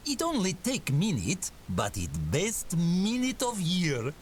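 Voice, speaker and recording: A man's voice: sits high, huge pitch swings, takes it slowly, slight background noise, pitched above the performer's own voice, heavily acted. A game's narrator voicing a boisterous female orc who talks in broken, clipped sentences. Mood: cheerful. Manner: broken grammar, loud and festive.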